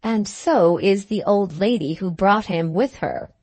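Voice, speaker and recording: A woman reading the lines of an earnest, self-mocking gentleman in an audiobook, in her own voice. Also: mid-range voice, a little slow, dry recording, lightly acted. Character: gruff but kind gentleman, self-mocking.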